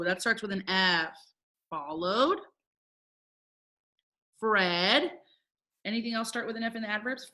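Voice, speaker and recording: A woman's voice: medium pitch, a little slow, long pauses, bright, forceful tone. Cheerful woman teaching young kids. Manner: upbeat, encouraging, talks to children. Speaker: first grade teacher. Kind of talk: recorded remote phonics lesson.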